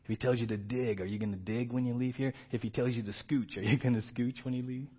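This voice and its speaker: A middle-aged man preaching a sermon, telling a story and acting out shouted commands with rising pitch and volume. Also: steady tone, fast talker, breathy edge. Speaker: pastor. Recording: dull, slightly lo-fi church audio.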